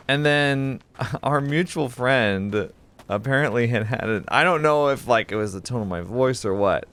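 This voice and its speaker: A man playing a horror game and rambling through a story in casual let's-play commentary, with quick exclamations. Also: medium pitch, a bit bright. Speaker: gaming YouTuber.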